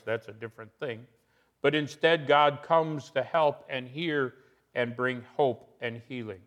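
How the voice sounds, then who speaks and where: A man's voice: medium pitch, fairly bright tone. A man preaching a sermon, speaking earnestly and retelling scripture with rising emphasis. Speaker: pastor.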